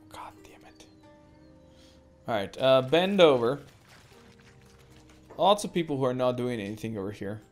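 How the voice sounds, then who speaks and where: A woman's voice: rumbling low, expressive, normal speed, long pauses, a little mellow, soft background music. A woman giving let's play commentary as a gameplay streamer, swearing constantly and ranting at the game.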